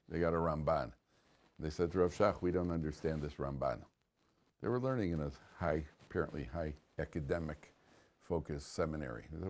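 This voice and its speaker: Low-voiced rabbi telling stories in class. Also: male voice, a little mellow. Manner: chatty storyteller, chuckles at his own punchlines. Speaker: rabbi teaching a Torah class. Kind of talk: informal Torah lecture with stories.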